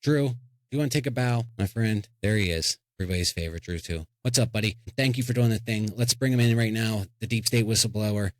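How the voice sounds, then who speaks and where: A man's voice: on the low side, fast talker, no echo. A man hosting a comedic podcast, rambling and joking as he introduces segments and guests. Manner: rambling, joking, self-interrupting. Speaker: podcast host.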